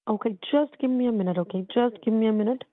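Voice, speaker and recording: A woman's voice: a little high, fast, dry recording. A woman scam caller on a phone line, soothing yet insistent.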